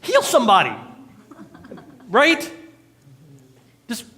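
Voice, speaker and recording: A man's voice: extremely high pitch, huge pitch swings, takes it slowly, bright, forceful tone. A male pastor, preaching a conversational sermon with jokes and acted-out quotes in a church. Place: church sanctuary.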